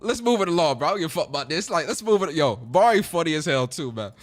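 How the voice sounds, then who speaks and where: Excitable high-voiced man reacting and laughing. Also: fast talker. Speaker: host. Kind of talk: casual reaction commentary.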